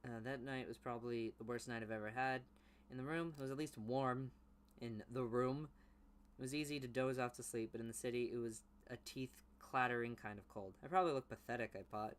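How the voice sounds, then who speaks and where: A young man reading his old teenage story aloud in a low mumble, then breaking off into loud, mocking commentary. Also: fairly even intonation, fairly quick. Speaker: YouTuber reading his childhood writing.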